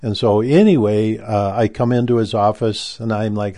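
A man's voice: on the low side, fairly even intonation, moderate pace, mellow. An older man telling a story about his past in a casual, rambling way, often stopping and restarting. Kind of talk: casual spoken recollection.

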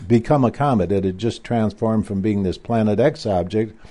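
A man's voice: on the low side, moderate pace, warm tone. A male guest author telling a long story in a rambling way, with frequent restarts and asides. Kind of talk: conversational recounting.

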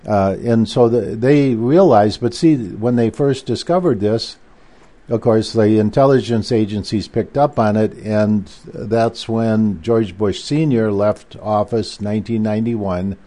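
A man's voice: on the low side, measured pace, dark tone. A male guest author telling a long story in a rambling way, with frequent restarts and asides. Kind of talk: conversational recounting.

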